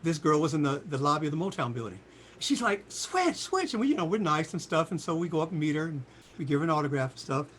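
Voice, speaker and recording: A man in his sixties telling stories as a guest in an interview, acting out the quotes in a lively voice. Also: very fast, slight background noise. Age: 60s. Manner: lively storyteller, voices quotes with big pitch jumps. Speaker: singer and guest. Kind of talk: animated storytelling interview.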